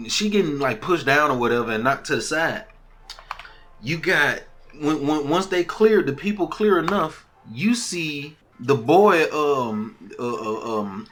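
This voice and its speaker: A man's voice: mid-range voice, fairly bright tone. A man hosting a casual podcast and recapping a TV episode, telling it animatedly and acting out lines in different voices. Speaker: podcast host.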